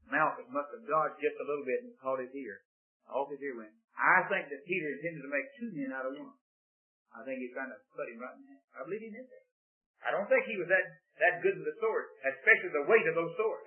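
A man from Texas with a Texan accent preaching a sermon, swinging between hushed, quiet passages and loud shouting. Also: fairly high pitch. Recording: echoey room on a tinny phone-like line.

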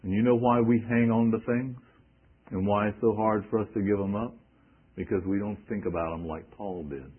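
Deep, husky preacher on tinny radio. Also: male voice, fairly even intonation, normal speed. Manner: emphatic, rhetorical questions, quoting scripture. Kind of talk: sermon.

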